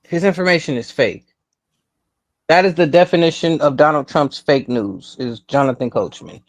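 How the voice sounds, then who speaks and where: A man's voice: a little high, moderate pace, no echo. A man in a casual podcast chat who repeats himself when worked up. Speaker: podcast co-host.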